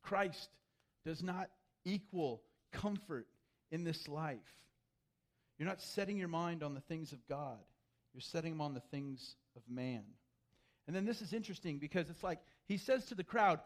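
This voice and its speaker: A man preaching a sermon, animated, acting out the voices he quotes. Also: sits high, moderate pace. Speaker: pastor.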